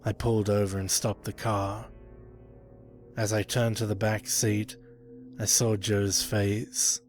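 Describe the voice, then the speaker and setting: Slow, grave male creepypasta narrator. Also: on the low side, flat delivery. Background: faint ambient music.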